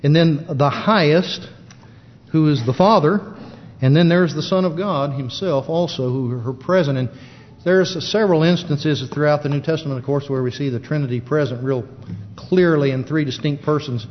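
A man giving a plain-spoken Bible teaching in a halting style with many fillers, recorded in a church. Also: a little high. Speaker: preacher. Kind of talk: sermon. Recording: dull lo-fi church recording with long reverb.

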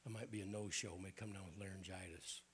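Southern bishop, older, gravelly and husky, joking and animated from the pulpit. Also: male voice, sits low, quick pace. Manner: folksy, joking, animated preaching. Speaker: bishop preaching. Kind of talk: sermon.

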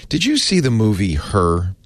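A man's voice: lowish voice, big pitch swings, moderate pace, no echo. A man hosting a casual explainer, talking in a chatty, wry way that often trails off and restarts. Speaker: host explaining a word of the day.

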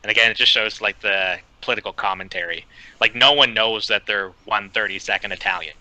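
A man co-hosting a film podcast, reading out his notes in a profane, deadpan way. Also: lowish voice, fairly quick, no echo, poor audio. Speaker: podcast co-host reviewing a film.

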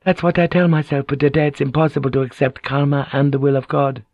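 A man's voice: on the high side, level tone, fast talker, no room sound, pitched above the performer's own voice. A poised young noblewoman, as a male narrator puts her on, speaking in a careful, polite, raised voice. The reading is close and dry with a slightly dull sound. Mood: tender.

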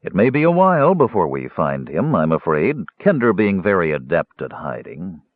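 A man voicing a stern, measured male mage who speaks coolly and with authority, on a tinny, dry recording. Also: sits low, very animated, no room sound. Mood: firm. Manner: cool, deliberate, authoritative.

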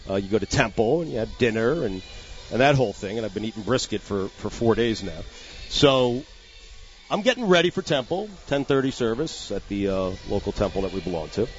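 Animated middle-aged radio host man. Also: fairly low pitch, fairly quick, muffled recording. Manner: animated storyteller with frequent restarts. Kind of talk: casual sports radio chat.

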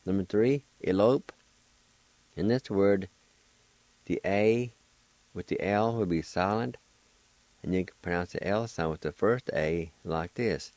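A man's voice: low voice, lively intonation, a little slow, pauses often, a little mellow, no echo, poor audio. A man teaching a language lesson, spelling and pronouncing words syllable by syllable in a patient, encouraging way. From Oklahoma. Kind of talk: slow spelling and pronunciation lesson.

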